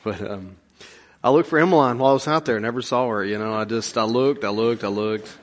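A man's voice: fairly low pitch, a little fast. Folksy man preaching casually. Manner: rambling, folksy storytelling with many fillers. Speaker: pastor. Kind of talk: conversational sermon.

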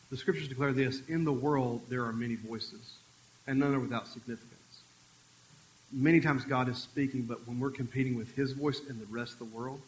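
A man preaching a sermon as a pastor, talking in a conversational, animated way with quick asides. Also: on the high side, reverberant, slight background noise, low-quality recording. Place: church sanctuary.

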